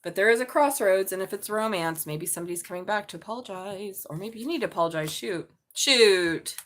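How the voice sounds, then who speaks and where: A woman hosting a live tarot reading from her bedroom, thinking aloud and often breaking into excited exclamations. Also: mid-range voice, fast talker. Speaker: tarot reader.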